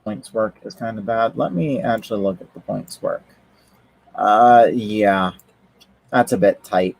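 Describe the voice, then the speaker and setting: Low-voiced man rambling on a stream. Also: measured pace, creaky, darkish tone, no room sound, rough recording. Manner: rambling, many fillers and restarts. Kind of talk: casual livestream chat.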